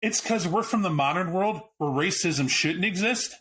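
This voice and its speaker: A man's voice: high voice, animated, moderate pace, fairly bright tone. A man hosting a podcast, talking casually and bluntly about a tabletop game book, swearing now and then and restarting his sentences as he thinks aloud. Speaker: podcast host.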